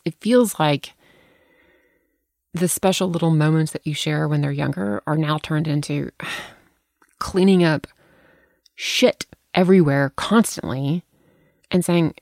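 A woman's voice: sits low, measured pace, gravelly, pauses often, a little mellow, no echo, studio quality. A middle-aged woman hosting a podcast, talking frankly in casual chat, swearing freely as she tells stories. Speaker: podcast host.

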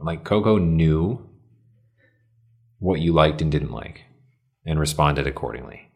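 An easygoing man with a very deep voice chats and reflects in a casual conversation. He tells his stories in a thoughtful way. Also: animated, a little slow, creaky.

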